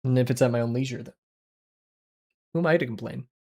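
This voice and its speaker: Excitable young man chatting on a livestream. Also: fast talker. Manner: rambling and excitable, jumps in pitch, laughs often. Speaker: art livestreamer. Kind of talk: casual chat with viewers while drawing.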